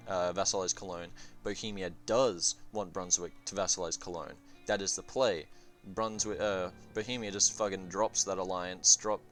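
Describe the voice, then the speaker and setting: A man's voice: lowish voice, fairly bright tone. A man casually reviewing a strategy game, rambling and swearing as he thinks aloud with many fillers. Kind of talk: casual gameplay commentary.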